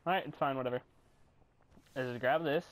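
A young man giving casual commentary while playing a video game, swearing and yelling in frustration. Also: mid-range voice, a little fast. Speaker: gamer commentator.

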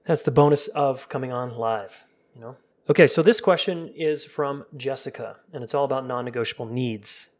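A man coaching on relationships in a relaxed, casual live-stream chat, talking straight to viewers and softening his voice when he acts out calm sample talks. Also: mid-range voice, moderate pace.

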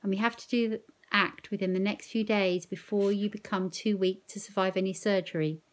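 A woman's voice: medium pitch, steady tone, fairly quick, natural voice. A woman reading aloud as a blunt, brusque male transplant doctor with a clipped, matter-of-fact delivery.

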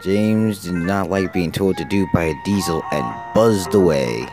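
A man narrating a children's story about engines in a brisk storytelling manner. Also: deep voice. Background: music.

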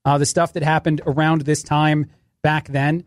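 A man's voice: fairly high pitch, flat delivery, moderate pace, dry recording. Sarcastic male radio host, dry close mic. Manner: sarcastic, rambling, restarts often. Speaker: fill-in radio talk show host. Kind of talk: casual talk radio monologue.

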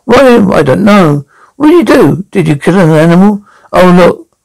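A woman's voice: lowish voice, big pitch swings, moderate pace, gravelly, a little mellow, poor audio. A woman playing a brash, foul-mouthed elderly nan who heckles and taunts everyone, for a TV sketch. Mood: mocking. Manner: heckling, taunting, name-calling. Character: brash foul-mouthed old London nan, rude and cheeky. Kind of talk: TV sketch comedy acting.

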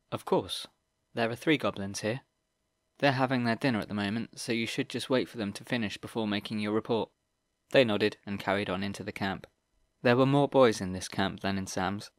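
A man narrating a middle-grade fantasy audiobook in a steady, even storytelling manner. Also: lowish voice, no echo, studio quality. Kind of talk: scripted narration.

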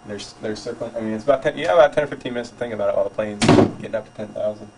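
A man telling the story of his skydive in a casual way, animated and full of fillers and restarts, recorded on an old home camcorder. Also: lowish voice, racing. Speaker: skydiver recounting his jump. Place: private home. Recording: 1990s home camcorder, mic at a distance, faint noise.

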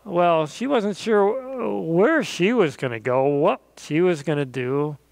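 A pastor shares a children's message story and closes with a prayer, speaking gently yet animatedly and adding playful sound effects. His male voice sits high and is slow and gravelly, recorded with no echo.

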